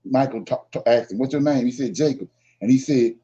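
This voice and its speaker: A man with a warm, medium-pitched voice speaks a little fast while leading a casual Bible study. He reads verses aloud and explains them with emphasis, often asking "right?", captured in dull lo-fi sound.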